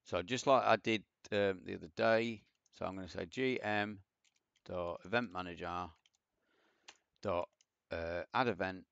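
Deep, gravelly and resonant yet fairly bright and clear, this programming teacher's voice moves at a measured pace. He casually thinks aloud during a screen-share coding tutorial, rambling self-deprecatingly as he types, on a dull, dry lo-fi mic without echo.

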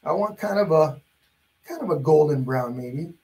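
Guy teaching painting live, chatty, kinda husky voice, bit high. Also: expressive, normal speed, darkish tone. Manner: chatty, greets viewers by name. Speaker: painting instructor. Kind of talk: live-streamed painting lesson.

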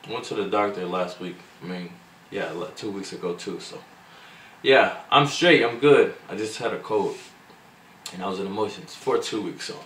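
Male vlogger, lowish voice, halting slangy delivery, echoey room. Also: fairly even intonation. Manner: halting, slangy, full of "bro", "man" and "um". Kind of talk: casual heartfelt vlog talk. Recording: echoey room, mic at a distance, faint background noise.

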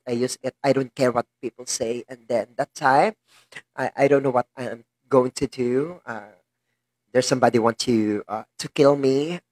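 A Filipino-accented woman vlogging in casual chat, tearful and emotional, talking haltingly and laughing through her tears. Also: rumbling low, darkish tone, no room sound.

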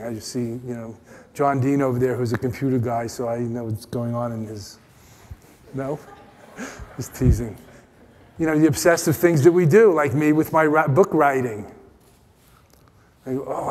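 An American man giving a playful, teasing meditation talk at a retreat, his voice dropping to soft, quiet tones. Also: medium pitch. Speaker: meditation teacher. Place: retreat meeting hall. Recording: long hall reverb.

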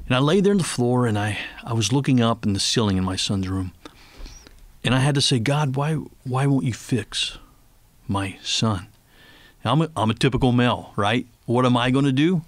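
A middle-aged man, a ministry leader and guest on a faith radio interview, speaking earnestly and tenderly, slowing down when he prays aloud. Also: medium pitch, expressive, no echo.

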